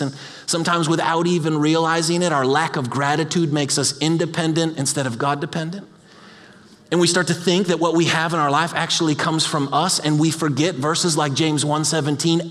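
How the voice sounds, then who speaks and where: A man preaching a sermon in an animated, humorous way, often repeating words as he goes. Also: high-pitched. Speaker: pastor. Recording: long hall reverb.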